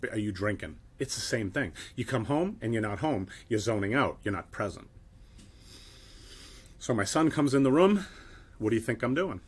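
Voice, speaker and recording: Husky middle-aged New man, blunt motivational speaker telling his own story. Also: fairly low pitch. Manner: blunt and swearing, with emphatic "right?" tags. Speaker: keynote speaker. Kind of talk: motivational talk with personal story.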